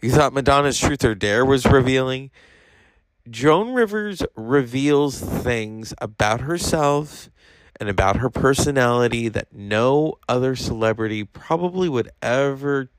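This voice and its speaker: A man's voice: mid-range voice, dry recording. A tired man hosting a podcast, talking in a casual, rambling monologue and swearing freely. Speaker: podcast host.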